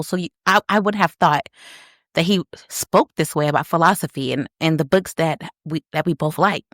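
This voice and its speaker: A woman hosting a podcast, telling a personal story in an animated way and talking straight to her listeners. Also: lowish voice, dry recording, clean studio sound. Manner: animated, addresses listeners as y'all. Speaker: podcast host.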